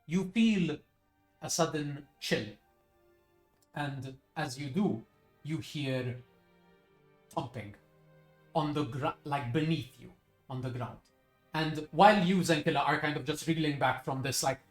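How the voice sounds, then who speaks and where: Casual male game master narrating, roomy echo, light music behind. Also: a little high. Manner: casual, with fillers and self-corrections. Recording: echoey room, faint music.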